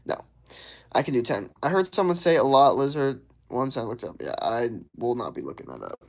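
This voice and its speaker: Laid-back young male streamer with some vocal fry, casual chat with viewers. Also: mid-range voice, sing-song, a little fast. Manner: laid-back, drawling, says "bro" and "hell yeah" a lot. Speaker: livestreamer. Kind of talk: casual livestream chat reading viewer comments.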